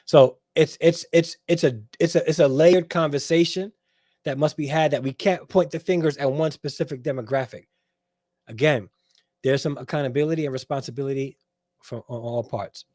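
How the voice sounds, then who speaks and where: A man's voice: on the high side, moderate pace, darkish tone, no echo, studio quality. A man hosting a livestream, giving preachy dating advice with emphatic restarts and frequent checks with his audience. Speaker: host.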